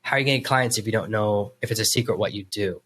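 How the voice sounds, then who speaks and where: Hosting a podcast interview, a man tells stories and animatedly acts out quotes in a conversational style. His fairly low voice comes out rapid-fire over slight background noise.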